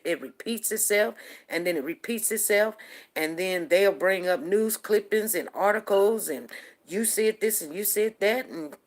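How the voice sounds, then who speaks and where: A woman hosting a talk show, rambling and repeating herself as she makes emphatic points to her listeners. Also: mid-range voice. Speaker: show host. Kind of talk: casual talk-show monologue.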